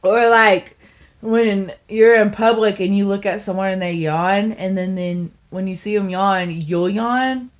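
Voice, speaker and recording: A tired young woman vlogging casually, rambling and giggling, often trailing off into soft mumbles. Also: medium pitch, fairly even intonation, measured pace.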